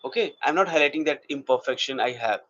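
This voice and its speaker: A man's voice: mid-range voice, quick pace, a bit bright. A man teaching an acting class, explaining steps and checking in with his students. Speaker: acting coach. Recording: dull lo-fi recording.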